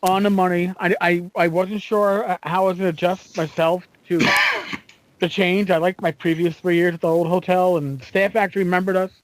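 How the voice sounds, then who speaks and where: High-voiced animated podcast man. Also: dry recording, rough recording. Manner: animated storyteller, halting with fillers. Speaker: podcast co-host. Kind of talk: casual chat.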